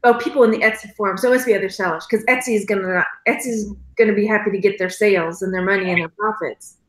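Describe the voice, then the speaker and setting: A woman co-hosting a casual chat, talkative and quick to poke fun at herself. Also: medium pitch, fairly even intonation, fairly bright tone, echoey room, poor audio. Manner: chatty, self-deprecating. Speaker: podcast co-host.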